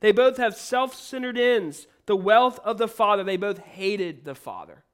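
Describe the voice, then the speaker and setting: A man's voice: sits high, lively intonation, a little slow, clear, resonant tone. A man preaching a sermon, emphatic and full of rhetorical questions.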